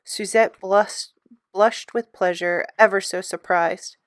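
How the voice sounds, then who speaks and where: Woman storybook reader, expressive; smooth tone, dry recording. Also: mid-range voice, slow pace, no echo. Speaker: storybook reader for an art class. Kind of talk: storybook read-aloud.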